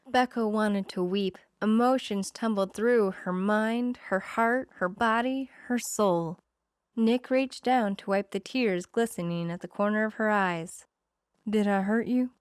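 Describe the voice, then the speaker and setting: A woman narrating a romance audiobook, slowing down for the romantic moments. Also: mid-range voice, clean tone, dry recording, studio quality.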